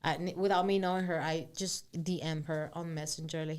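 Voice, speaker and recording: Animated woman telling stories. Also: low-pitched, brisk, a little hiss or hum. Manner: animated storytelling, switching between English and Spanish, swears freely. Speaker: guest singer-songwriter. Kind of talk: casual interview chat.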